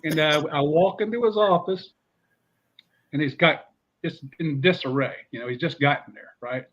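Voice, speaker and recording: A middle-aged man, a former football coach, telling stories in an animated way with many fillers. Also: fairly high pitch, normal speed, highs cut off. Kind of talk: casual storytelling interview.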